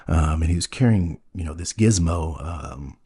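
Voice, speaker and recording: Deep, husky man telling an earnest story. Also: warm tone. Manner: halting, full of ums and you-knows; earnest, wide-eyed naive. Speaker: podcast host playing a naive character. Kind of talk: deadpan comedic storytelling.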